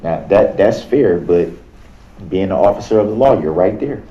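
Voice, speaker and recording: A man questioning a witness in a courtroom, with halting, repetitive phrasing and frequent restarts. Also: low voice, animated. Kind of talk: courtroom cross-examination. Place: large courtroom. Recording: echoey courtroom, dull lo-fi sound.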